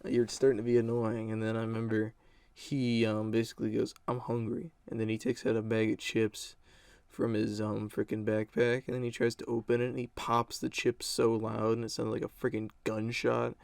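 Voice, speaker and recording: A man's voice: on the low side, completely flat delivery, moderate pace, creaky, clear, resonant tone, no echo. A young man telling a rambling, profane story in a casual storytime vlog. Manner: rambling, profane, lots of fillers.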